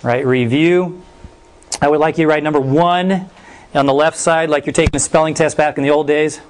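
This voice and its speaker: A middle-aged male teacher giving a class brisk, playful instructions. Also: on the high side. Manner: energetic, brisk, playful commands.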